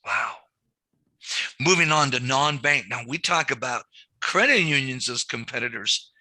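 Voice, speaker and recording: Bright, animated male banking trainer. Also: mid-range voice, a little slow, dry recording. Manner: animated storyteller, acts out quotes. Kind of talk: live training session.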